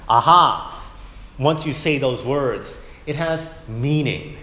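A man teaches a Bible lesson to his class in a casual, lively way. He keeps checking in with "right?" and acts out the lines he quotes. His voice echoes around the room. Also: mid-range voice, slow pace, slight background noise. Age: adult, parent of young kids. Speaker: Sunday school teacher. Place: church classroom.

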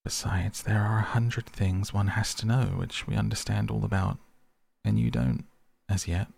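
A man's voice: fairly low pitch, steady tone, moderate pace, creaky, darkish tone, dry recording. A man voicing a brave, good-natured water rat who speaks in a reassuring, hearty way.

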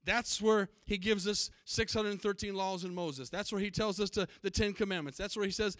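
A male pastor preaches in an emphatic, questioning style, checking in with his listeners as he goes. His voice sits high for a man. The recording is dry and close, with little room sound. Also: normal speed, fairly bright tone, dry recording. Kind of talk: sermon.

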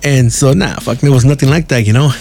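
A man's voice: mid-range voice, fairly quick, vocal fry, a little mellow, soft background music. A man telling a rambling personal story in a casual, slang-heavy, profane way. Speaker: podcast host.

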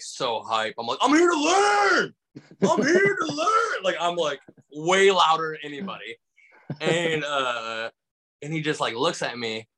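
Guy from michigan telling a comedy story, bright voice, lots of likes and ums, acts out the people. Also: on the high side. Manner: animated, acts out voices in anecdotes, many fillers. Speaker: stand-up comedian guest. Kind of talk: casual storytelling in an interview.

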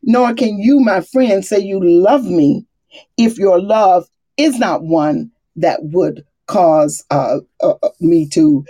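A middle-aged woman talks through scripture and stories from her own life in a casual, animated way. She breaks into laughter often and acts out the people she quotes. Her voice is husky and mellow. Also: lowish voice, slow. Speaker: Bible study speaker. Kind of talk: casual faith talk.

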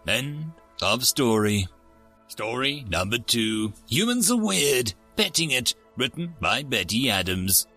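A man narrating a story in a steady storybook reading. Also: medium pitch, takes it slowly, soft background music.

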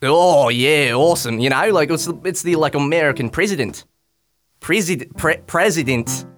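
A man's voice: a little high, normal speed, fairly bright tone, soft background music, close to an everyday voice. A man playing a laid-back young male knight in a comedy sketch, with an Australian accent and a bumbling, easygoing way of talking.

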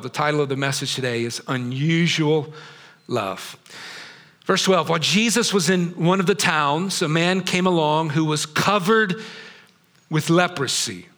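Higher-voiced pastor, chatty and engaging. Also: male voice, fairly bright tone. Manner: conversational, drawing the crowd in with questions. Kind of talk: sermon. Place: theater used as a church.

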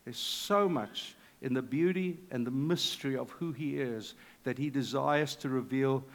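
A middle-aged male pastor preaching a sermon in a conversational, animated way, with asides to the congregation. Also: medium pitch, measured pace. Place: church hall. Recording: reverberant hall.

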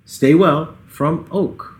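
A man co-hosting a gaming podcast in a casual chat, reading listener emails aloud in a relaxed way and laughing at his own slips. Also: on the high side, drawn-out words. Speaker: podcast co-host. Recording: echoey room sound.

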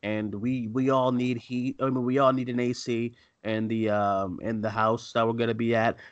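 A man's voice: medium pitch, little pitch movement, normal speed, dry recording. Rambling male podcast co-host, dull sound. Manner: rambling, many fillers and restarts. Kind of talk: casual live-show chat.

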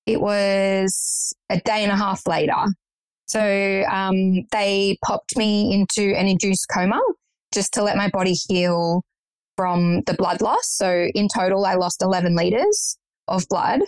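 A woman's voice: medium pitch, fairly even intonation, measured pace, smooth, dry recording, rough recording. A young woman guest recounting a personal story in conversation, earnest and matter-of-fact.

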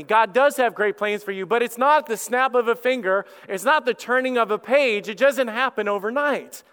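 A man preaching a sermon as lead pastor, telling the story in an animated way and acting out characters, heard with long hall reverb. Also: high-pitched, clear, resonant tone.

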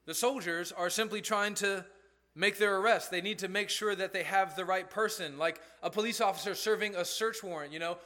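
A man's voice: high voice, brisk, pushed and bright. A male pastor preaching a sermon in a conversational way, asking rhetorical questions as he goes.

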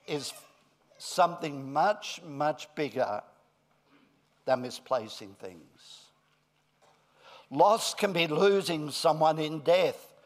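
A middle-aged male pastor giving a friendly children's talk, then a deliberate sermon. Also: a little high.

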